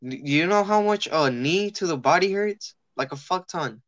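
A man's voice: on the high side, normal speed, no echo, dull audio. A young man chatting casually, swearing freely and telling a story while acting out the people in it. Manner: animated, swearing, acts out quoted people.

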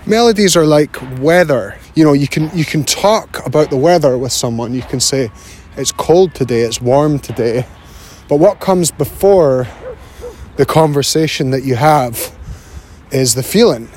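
A man talks through his ideas at an easy, musing pace, restarting phrases as he thinks. There is a faint hiss behind his voice. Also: medium pitch. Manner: thoughtful, speaks in loose restarts and fillers. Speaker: songwriting podcast host. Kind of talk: casual reflective monologue.

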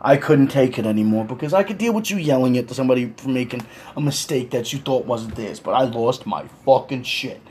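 A man's voice: medium pitch, animated, fairly quick, few pauses, a little mellow, slight background noise. A man telling a comic story in a crude, mocking rant, swearing all the time.

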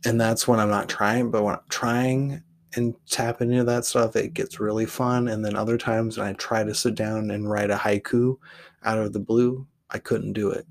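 Male poet-host, lowish voice, loose reflective monologue, blunt and profane. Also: level tone, moderate pace. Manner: candid, rambling, swears casually.

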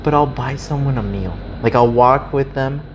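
A young man casually telling a story, animated and swearing freely, acting out the people in it. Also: mid-range voice, normal speed, lo-fi sound, noisy background. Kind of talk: casual chat.

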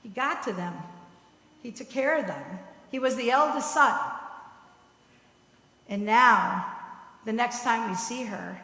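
High bright woman preaching in echoey hall. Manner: storytelling, tagging points with "right?". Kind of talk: sermon. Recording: echoey hall with long reverb.

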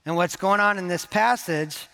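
A man's voice: high voice, normal speed, creaky, bright, forceful tone. A man preaching a sermon to his church in a conversational, joking way, acting out the quoted lines. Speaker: pastor.

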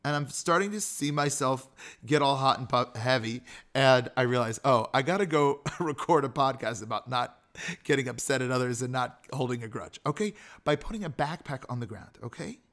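Animated, self-deprecating rabbi. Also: male voice, medium pitch, normal speed. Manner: animated storyteller, self-deprecating, many fillers and restarts. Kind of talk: motivational Torah talk. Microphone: podcast mic.

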